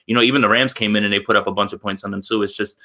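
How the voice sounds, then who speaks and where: Fast-talking man with a low, bright voice. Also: steady tone. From United States. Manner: rapid, with many fillers. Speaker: guest. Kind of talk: casual chat.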